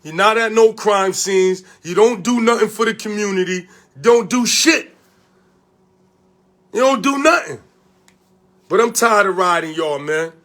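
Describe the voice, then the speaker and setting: A man from Connecticut with a notably high voice delivers a confrontational vlog rant. He swears freely and fires off repeated questions. He sounds like a community organizer calling people out. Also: a little slow, pauses often, a bit bright. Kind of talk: heated direct-to-camera rant.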